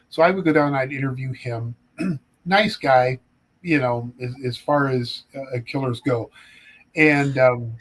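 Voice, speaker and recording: A middle-aged man from Ohio, a forensic psychologist, telling stories in a casual, animated way with dark humor. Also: medium pitch, rough recording. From Ohio, United States. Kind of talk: casual storytelling chat.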